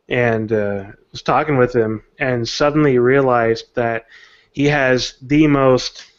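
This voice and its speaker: A man co-hosting a casual podcast, telling stories in a thoughtful, easygoing way. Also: medium pitch. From Texas. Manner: thoughtful, storytelling. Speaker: podcast co-host. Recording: dull lo-fi audio.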